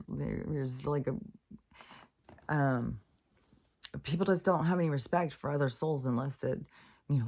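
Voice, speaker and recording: A middle-aged woman with a notably low voice talks off the cuff as a spiritual vlogger. She meanders, circles back with "like" and "um", restarts her sentences, and swears freely. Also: darkish tone. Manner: meandering, many fillers and restarts, frequent swearing. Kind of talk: rambling casual monologue.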